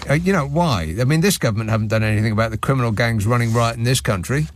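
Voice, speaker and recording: A man's voice: medium pitch, fairly quick, slight background noise. A man hosting a radio phone-in show, reading out listener messages with a sardonic, mocking manner in a studio. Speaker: radio talk show host. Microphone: studio microphone.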